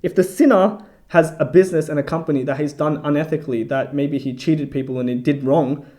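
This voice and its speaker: A man's voice: on the high side, brisk, a little mellow. A man doing a casual Bible study video, reading verses aloud and then thinking aloud about them, rambling with lots of "you know" and "like". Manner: unsure and self-correcting. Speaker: video host reviewing a book of scripture.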